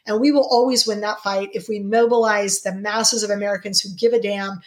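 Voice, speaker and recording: A middle-aged woman answering interview questions with fervent indignation, her pitch jumping sharply when she presses a point. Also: steady tone, a little fast. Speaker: guest.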